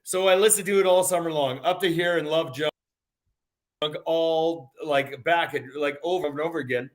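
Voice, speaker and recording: A man's voice: fairly high pitch, moderate pace. A man from Western Canada, a singer guest, telling stories in easygoing, laid-back chat. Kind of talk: casual interview chat.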